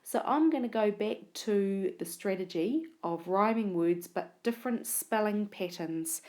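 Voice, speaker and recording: A woman teacher narrating a whiteboard spelling lesson, sounding out words and letters slowly and deliberately, recorded on a tablet. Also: lowish voice, darkish tone.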